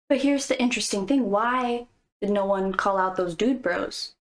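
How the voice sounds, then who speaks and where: A woman's voice: mid-range voice, measured pace. A woman vlogger giving casual, playful commentary with jokes and asides. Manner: playful, jokey, conversational.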